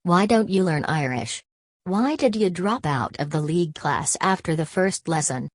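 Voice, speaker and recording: An earnest, simple-hearted young man pleads in plain words, read by a woman. The voice is low and deep. The sound is dry and close-miked. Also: lively intonation, moderate pace, no echo.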